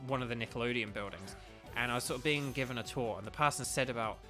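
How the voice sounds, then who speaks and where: Music plays behind a fast-talking young man from the UK whose voice sits at medium pitch. He's a gaming streamer chatting loosely with viewers mid-game, rambling and leaning on fillers.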